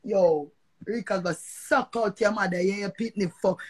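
An older Jamaican-accented woman, a social media personality, rants heatedly on a live stream, cursing and repeating herself in a confrontational way. Her voice is husky and mid-range, and she speaks at a moderate pace.

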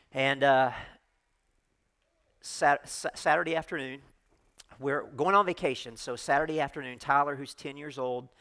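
A middle-aged man preaches as a guest speaker in a mid-pitched voice. He tells his story candidly and conversationally, with self-deprecating asides. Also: fairly bright tone. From United States. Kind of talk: sermon storytelling.

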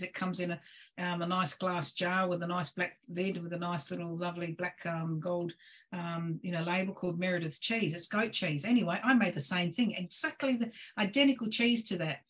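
A woman, a guest on a video call, telling lively stories about home cooking and cheese-making with laughs along the way. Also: fairly low pitch, a little fast. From Australia. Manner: lively, laughing, gestures while cooking talk. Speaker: guest presenter. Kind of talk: animated storytelling on a video call.

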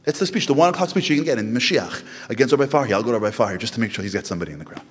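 Male rabbi, sermon to a live room, urgent questioning delivery, mid-pitched voice, reverberant hall. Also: lively intonation. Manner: rapid rhetorical questions, urgent and emphatic. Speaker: rabbi giving a lecture. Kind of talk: impassioned sermon. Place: synagogue hall with live audience.

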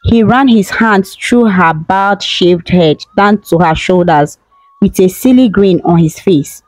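A woman telling a folktale in steady, dramatic scripted narration. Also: mid-range voice, a little slow, no echo, poor audio. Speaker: storyteller. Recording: dry close mic with faint music.

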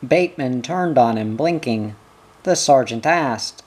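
An audiobook reader narrates a short story at a slow, deliberate pace. The voice sits at a middling pitch and reads in a measured way. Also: a little mellow. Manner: measured, unhurried reading.

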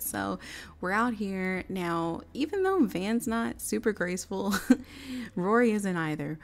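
A bubbly young woman talks through her life-sim game play in a chatty, giggly way. Her voice sits at an ordinary middle pitch, relaxed and conversational. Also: slow, gravelly. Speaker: game narrator.

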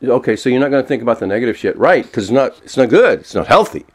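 A man in his seventies ranting alone at home, swearing a lot and swinging between angry outbursts and a soft, mock-gentle tone. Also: mid-range voice, sing-song, fast talker, breathy edge. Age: 70s. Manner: frequent swearing and self-mocking laughs. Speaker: vlogger. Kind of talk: unscripted solo rant. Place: walking around indoors at home.

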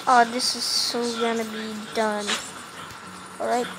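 Slow-talking young woman gaming vlogger. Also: a little high, little pitch movement, noisy background. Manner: frustrated, joking, sings silly bits. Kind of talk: casual live gameplay commentary.

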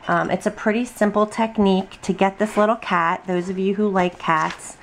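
A woman's voice: medium pitch, steady tone, normal speed, slight background noise. A tired, chatty middle-aged woman rambling through a casual drawing tutorial at her home desk, full of ums and asides. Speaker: craft video host. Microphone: camera on tripod at desk.

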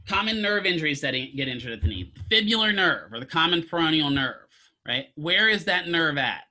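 A man's voice: on the high side, lively intonation, a little fast, pushed and bright. A man teaching a physical therapy class, lecturing casually, quizzing students and throwing in jokes. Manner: asks students questions, casual joking asides.

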